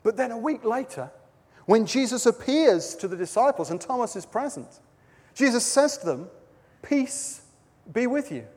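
A man's voice: very high voice, big pitch swings, moderate pace, breathy edge. A man preaching a sermon at a baptism service, telling Bible stories dramatically. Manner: storytelling, dramatic quoting with shifts in loudness. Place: large venue with a platform. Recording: long reverb of a large hall.

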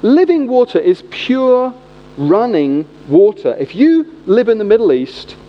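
High-voiced preacher, humorous. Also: male voice, a little slow. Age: 40s. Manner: humorous, animated storytelling. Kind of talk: sermon. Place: church. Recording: echoey hall, dull lo-fi sound.

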